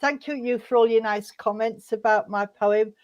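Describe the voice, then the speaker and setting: A woman leading a mediumship demonstration at a service. She talks in halting bits with many fillers and restarts, and calls people sweetheart. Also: fairly high pitch, fairly even intonation.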